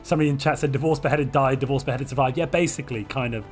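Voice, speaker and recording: A man hosting a multiplayer strategy game livestream, hoarse from a chest infection, joking in a playful, theatrical way. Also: mid-range voice, racing, soft background music. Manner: playful, theatrical royal pronouncements. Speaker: streamer host.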